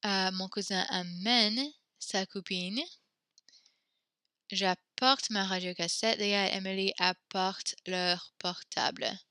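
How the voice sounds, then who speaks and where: A woman teaches French to a class over a computer mic, encouraging her students and spelling out verb forms one at a time. Her voice is very bright and sits in the middle of the range for a woman. The sound is dry and close, with keyboard clicks now and then. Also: mid-range voice, steady tone, measured pace, smooth, no room sound. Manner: encouraging, praises students often; walks through conjugations step by step.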